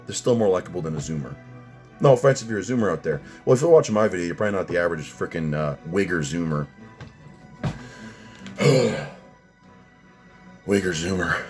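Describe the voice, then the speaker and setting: A man's voice: sits low, darkish tone, slightly rough. A man in his thirties ranting sarcastically in a casual vlog, swearing often. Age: 30s. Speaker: vlogger.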